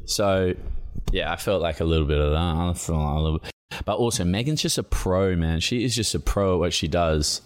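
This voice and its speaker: A man's voice: deep voice, fairly quick. A young man hosting a casual solo podcast, rambling and self-deprecating as he talks through his week. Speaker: podcast host.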